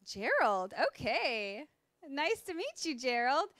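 A woman's voice: high-pitched, very animated, takes it slowly, fairly bright tone, no echo, clean studio sound. A woman hosting a live call-in show, chatting casually with callers and laughing often.

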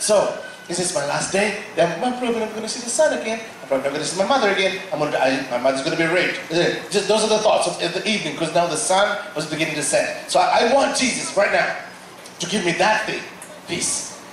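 A man tells his life story from the pulpit in a slightly high, very animated voice, acting out the people in it. The sound rings through a large echoing hall, caught from a distance over a faint room hum. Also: fast talker. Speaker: guest speaker. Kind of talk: sermon testimony. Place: large church auditorium. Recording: echoey hall from far off.

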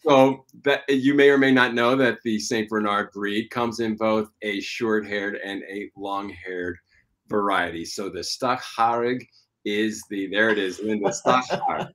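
A man's voice: fairly low pitch, steady tone, fairly bright tone. Earnest man hosting a live show. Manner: earnest, encouraging, with frequent fillers and pauses. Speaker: show host. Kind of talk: live online chat show.

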